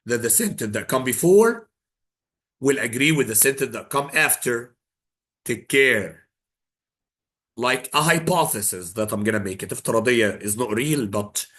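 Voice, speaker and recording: A man's voice: medium pitch, a bit bright. A man teaching an exam prep lesson in English, dropping Arabic phrases in and repeating his key points for emphasis.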